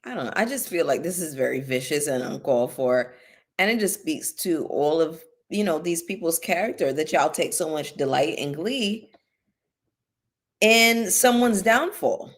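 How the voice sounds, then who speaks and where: Her voice is deep and animated, at a normal pace, as she hosts a casual commentary stream for her channel. She's had some bubbly and is tipsy, swearing a lot with blunt heat.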